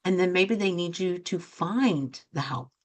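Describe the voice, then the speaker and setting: A woman's voice: on the low side, lively intonation, unhurried. A middle-aged woman hosting a talk show as a coach, speaking earnestly and acting out quoted reactions in her examples. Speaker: host and coach. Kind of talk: motivational talk show monologue.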